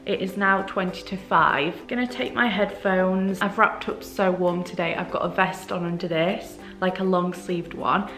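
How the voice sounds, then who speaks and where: A woman's voice: on the low side, steady tone, normal speed, few pauses, fairly bright tone, soft background music. A young woman with a British accent, under the weather, chatting casually to camera in a rambling, self-deprecating vlog. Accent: British English. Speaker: vlogger.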